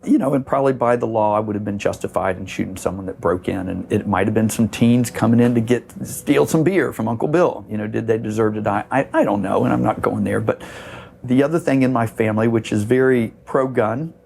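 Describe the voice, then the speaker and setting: Here the Florida surf shop owner, a middle-aged man, has a lowish, darkish voice with vocal fry, talking fairly quickly over a little hiss or hum. His long, rambling podcast story is packed with "you know" fillers and acted-out quotes.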